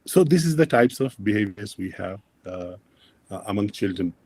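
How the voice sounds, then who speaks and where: A man lecturing dental students, explaining plainly with many pauses and fillers and addressing the class directly. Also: lowish voice, expressive, dark tone, no room sound. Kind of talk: university lecture.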